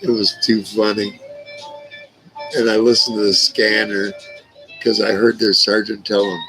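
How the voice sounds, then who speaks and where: A man's voice: fairly low pitch, level tone, a little slow, music in the background, rough recording. A man hosting a casual livestream, rambling through stories with lots of swearing and laughing at his own jokes. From Indiana. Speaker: livestream host. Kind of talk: casual storytelling to a live chat. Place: at home on a livestream.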